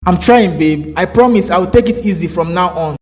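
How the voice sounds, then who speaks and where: A man with a Nigerian accent voicing a rich, hot-tempered boyfriend in a cartoon, smooth one moment and insulting the next. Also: high voice, brisk, darkish tone, long reverb tail, natural voice. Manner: smooth with a date, harsh and insulting on the phone. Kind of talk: cartoon voice acting.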